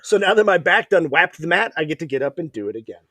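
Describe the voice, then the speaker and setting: A man in his thirties telling a story in a casual chat, animated and profane. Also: fairly high pitch, fast talker, no echo. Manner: animated, profane, acts out quotes. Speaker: podcast guest.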